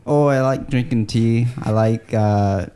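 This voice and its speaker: A man's voice: mid-range voice, unhurried, warm tone, smooth, lightly acted. A man voicing a brash young British man with a put-on British accent, crude and playing it for laughs in a job interview bit. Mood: cheeky.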